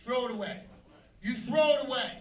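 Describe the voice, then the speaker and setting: A man doing a stand-up comedy set with brash, punchy delivery and dark deadpan jokes. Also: extremely high pitch, brisk. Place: comedy club stage. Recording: echoey club from a distance with noise. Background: audience laughter.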